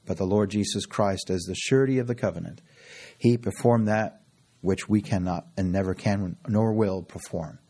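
A man preaching with fervour and frequent chuckles, his voice husky and sitting a little low. He is middle-aged and leans on repetition to drive home each point of the sermon. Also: normal speed, warm tone. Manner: fervent, with frequent laughs and repetition.

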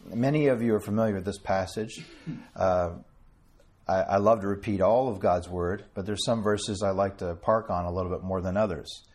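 A man gives an informal sermon to a small group, speaking conversationally and turning to listeners by name. His voice sits low and has a husky grain, and he reads scripture aloud in old-fashioned wording. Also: normal speed, darkish tone. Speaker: preacher.

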